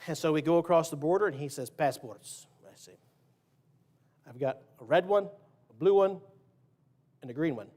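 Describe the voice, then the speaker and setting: At normal speed and with frequent pauses, a man with a mellow, higher-leaning voice gives a casual, joking sermon in a church sanctuary. He quizzes the congregation and plays out quotes and sound effects.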